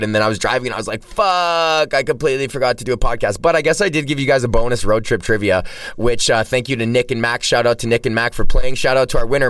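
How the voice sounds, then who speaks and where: Picked up by a poor, cheap microphone placed some distance away, the audio sounds distant and dry. The speaker is a man, a stand-up comedian running a solo podcast, with a medium-pitched, slightly bright voice. He rambles casually, swearing a lot and restarting constantly.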